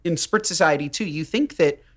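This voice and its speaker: A man's voice: fairly high pitch, brisk, a bit bright. A man co-hosting a chat podcast, giving listener advice in a teasing, wry way with emphatic repetition. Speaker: podcast co-host. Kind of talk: casual banter giving advice.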